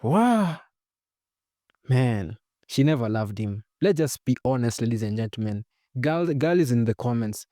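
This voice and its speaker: A man's voice: medium pitch, expressive, measured pace, dry recording, clean studio sound. A man reacting to a story in casual slang, speaking straight to his audience. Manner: slangy, addresses the audience as ladies and gentlemen. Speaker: reaction host.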